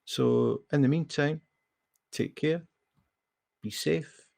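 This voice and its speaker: Gravelly Scottish man telling a story. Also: a little high, slow pace, darkish tone, no room sound, studio quality. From Scotland. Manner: rambling anecdotal telling with fillers. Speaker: livestream host. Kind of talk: casual storytelling chat.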